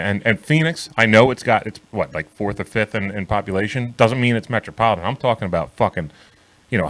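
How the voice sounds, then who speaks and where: A man co-hosting a casual sports talk podcast, telling long, profane stories with lots of restarts. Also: lowish voice. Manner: rambling, profane, animated storytelling with many restarts. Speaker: co-host.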